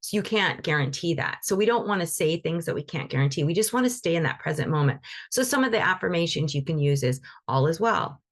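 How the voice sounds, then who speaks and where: A woman's voice: sits low, lively intonation, fast, few pauses. A woman teaching animal Reiki in a live online session, talking loosely and conversationally with frequent restarts.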